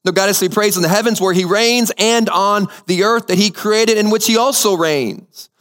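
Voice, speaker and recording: A man's voice: high-pitched, moderate pace, fairly bright tone, in a large hall. A man preaching a sermon as pastor, telling a story and repeating key phrases for emphasis. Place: church sanctuary.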